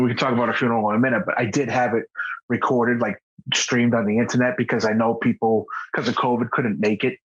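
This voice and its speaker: Husky-voiced man, halting and earnest. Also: medium pitch, fairly bright tone. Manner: halting, earnest, with frequent restarts. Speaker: podcast guest. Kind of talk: candid personal conversation. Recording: dull lo-fi podcast audio.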